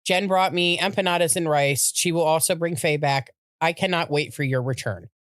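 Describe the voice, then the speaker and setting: A middle-aged woman, a podcast co-host, telling a personal story in a halting, heartfelt way with many restarts. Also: low voice, no echo, studio quality.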